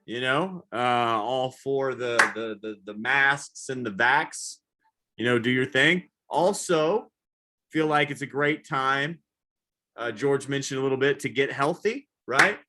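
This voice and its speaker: A man doing a rambling, self-deprecating stand-up comedy set, now and then yelling high whoops. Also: a little slow. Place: comedy show, live virtual audience.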